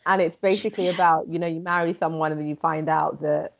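A woman's voice: low-pitched, fairly even intonation, fast, creaky, highs cut off. A young woman co-hosting a podcast in casual chat, full of "like" fillers. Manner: casual, many "like" fillers, laughs often. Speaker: podcast co-host.

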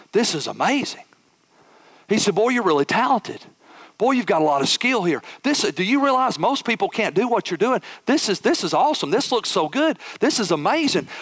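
A man preaching a sermon as a pastor, telling a personal story with animated, acted-out dialogue. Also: high-pitched, moderate pace.

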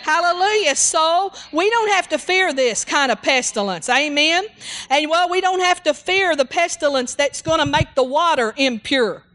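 A woman's voice: high-pitched, lively intonation, normal speed, a bit bright. A woman preaching a sermon in a fervent, rambling way, full of hallelujahs and amens. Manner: rambling, with restarts and asides.

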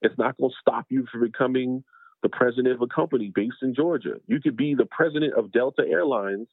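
A man's voice: medium pitch, brisk, no echo. A man from North Charleston, South Carolina, a podcast guest, explaining things emphatically in a conversational interview. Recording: dry, phone-like sound.

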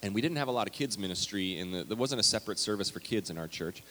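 A man's voice: on the low side, animated, quick pace, sharp tone, a little hiss or hum. A man preaching a conversational, story-filled sermon as pastor of a church. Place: church sanctuary. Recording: long hall reverb.

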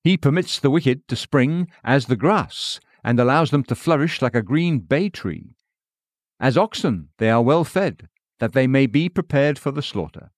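A man giving a solemn, measured scripted devotional reading. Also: medium pitch, big pitch swings, dry recording, clean studio sound. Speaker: reader of a devotional text.

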